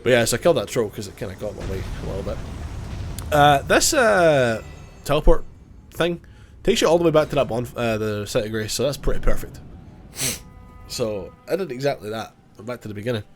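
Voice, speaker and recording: A man's voice: medium pitch, expressive, brisk, soft background music. Casual joking man with a cold. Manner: casual, joking, self-mocking, swears. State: has a cold. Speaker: gaming YouTuber. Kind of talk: gameplay commentary.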